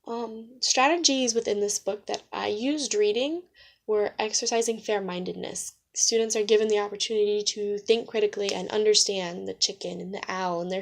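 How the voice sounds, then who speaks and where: A woman teacher reading a picture book aloud and reflecting on the lesson, gentle and questioning, with hushed asides. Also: fairly high pitch, gravelly.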